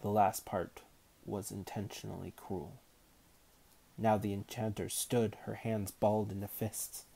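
A man reading a novel aloud as narrator in a measured, unhurried manner. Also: lowish voice, flat delivery, gravelly, dark tone, husky. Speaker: audiobook narrator.

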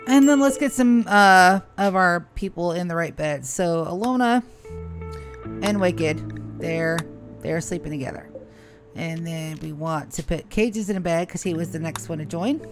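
A woman's voice: lowish voice, lively intonation, a little slow, over music. Chatty woman streaming gameplay. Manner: chatty, playful, rambling with fillers. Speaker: game streamer. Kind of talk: live gameplay commentary.

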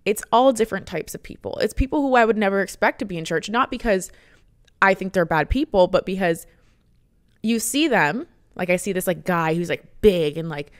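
A woman's voice: fairly low pitch, clear, resonant tone, no echo, studio quality. A young woman in her twenties hosting a podcast, talking in a casual, chatty way, full of "like" and restarts, and sometimes getting emotional. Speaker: podcast host. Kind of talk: casual personal monologue.

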